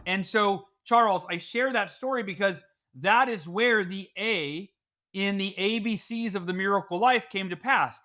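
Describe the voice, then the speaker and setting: A middle-aged man with a high, bright voice tells his story as a guest on a podcast. He speaks in an earnest, animated way and acts out the voices of the people he quotes. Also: a little slow. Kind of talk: storytelling interview answer.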